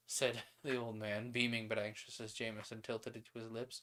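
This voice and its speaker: A man's voice: lowish voice, flat delivery, normal speed, few pauses, bright, forceful tone. Male streamer reading pulp fiction aloud. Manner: reads steadily, then adds casual asides and paraphrases.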